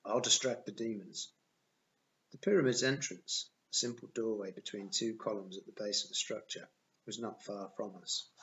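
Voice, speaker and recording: Low-voiced man reading a novel aloud. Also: a bit bright, dull audio, a little hiss or hum. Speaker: audiobook reader.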